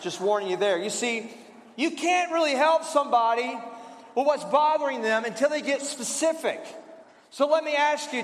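A man preaching a sermon as pastor, in a conversational style with rhetorical questions and repetition. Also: very high-pitched. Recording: roomy hall reverb.

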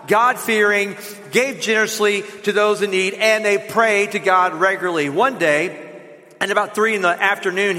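High, bright-voiced Southern pastor. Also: male voice, big-room sound. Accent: Southern American. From American South. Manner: lively and joking, rallying the congregation. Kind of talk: sermon. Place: church sanctuary.

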